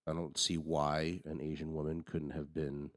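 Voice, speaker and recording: A man with an extremely deep voice talks through a movie review in a loose, rambling way, often restarting his sentences. The recording is dry and close, with no room sound. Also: level tone, normal speed, no room sound. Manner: rambling, frequent restarts and fillers. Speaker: podcast co-host. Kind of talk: casual movie review chat.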